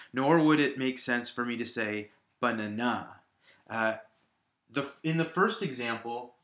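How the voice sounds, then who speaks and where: A man's voice: mid-range voice, sharp tone, reverberant. A man teaching a lesson at a whiteboard, explaining patiently and overstressing syllables in his examples. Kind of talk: recorded classroom lesson. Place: classroom at a whiteboard.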